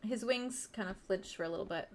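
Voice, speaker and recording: Woman game master, casual chatty narrator, average pitch. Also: brisk, a little mellow. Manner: chatty, laughs often, loose filler-heavy narration.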